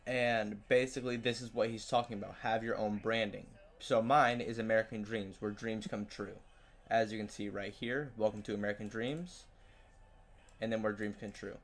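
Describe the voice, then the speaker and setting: Male host, loose casual delivery, relaxed everyday interview talk. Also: on the low side, normal speed. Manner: casual, loose, swears lightly. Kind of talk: casual interview and screen walkthrough.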